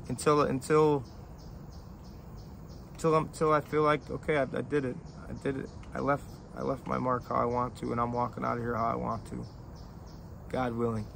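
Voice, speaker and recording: A man's voice: mid-range voice, level tone, gravelly, a bit bright, a little hiss or hum. Emotional, profane man talking to fans. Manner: emotional, profane, halting with many restarts. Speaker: independent rapper talking to fans. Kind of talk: heartfelt, rambling direct-to-camera talk.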